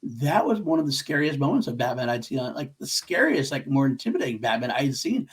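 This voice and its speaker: Enthusiastic husky man gushing about movies. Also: medium pitch, very animated, brisk. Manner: enthusiastic, rambling, with restarts and swearing. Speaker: podcast co-host. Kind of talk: casual movie discussion.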